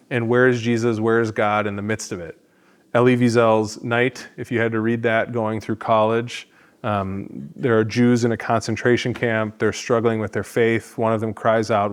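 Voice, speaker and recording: A man, a pastor, teaching an adult education class in a church classroom in a conversational, self-deprecating way. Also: medium pitch.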